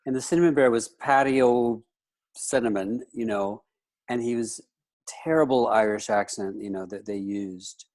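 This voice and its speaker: A man's voice: mid-range voice, normal speed, a little mellow. A man in his fifties from the United States, a guest in a casual interview who rambles and leans on "you know" fillers.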